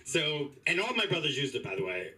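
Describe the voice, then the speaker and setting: A man's voice: on the high side, big pitch swings, brisk, pushed and bright, distant mic, low-quality recording. A man doing open mic stand-up in a small comedy club, chatty and rambling, full of fillers and voiced asides.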